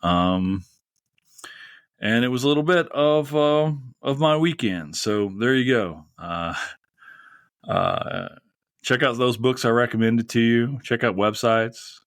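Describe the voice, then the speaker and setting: A man's voice: medium pitch, slow pace, no echo. A man hosting a podcast in a casual, rambling and heartfelt monologue, close to tears. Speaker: podcast host.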